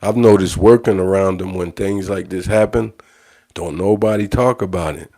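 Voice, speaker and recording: Deep-voiced man ranting bluntly. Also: moderate pace, warm tone. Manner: blunt, profane, repeats phrases for emphasis. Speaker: livestream host. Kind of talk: casual livestream monologue.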